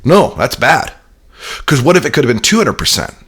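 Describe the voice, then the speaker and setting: A man's voice: mid-range voice, big pitch swings, brisk, fairly bright tone, husky. A man being interviewed, explaining his ideas with energy, often repeating words as he starts a sentence. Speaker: interview guest. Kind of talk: conversational business interview.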